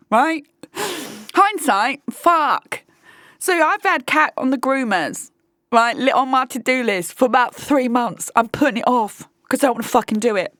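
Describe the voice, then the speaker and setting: A woman's voice: high-pitched, lively intonation, normal speed, a bit bright, no room sound, studio quality. A woman hosting a casual monologue podcast, blunt and sweary, talking straight to her listeners. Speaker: podcast host.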